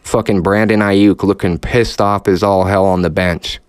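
A man's voice: deep voice, steady tone, normal speed, clear, resonant tone, dry recording, clean studio sound. A man hosting a podcast, ranting sarcastically with heavy swearing and audible frustration. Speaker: podcast host. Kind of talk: profane rant.

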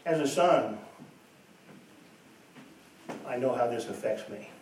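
In a church full of echo, a pastor speaks slowly in an expressive mid-range voice, earnestly pressing his congregation with rhetorical questions and repeated points. The distant mic picks up faint noise.

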